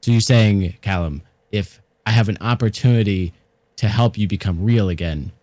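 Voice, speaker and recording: Deep-voiced, teasing male player. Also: moderate pace, warm tone, no room sound. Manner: playful and teasing. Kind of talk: tabletop role-play.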